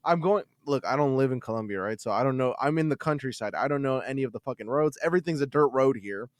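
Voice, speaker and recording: A man on a podcast, telling a story from his childhood in an animated, swearing style with lots of repeated words. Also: mid-range voice, fast, no echo, clean studio sound. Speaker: podcast host. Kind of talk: casual storytelling.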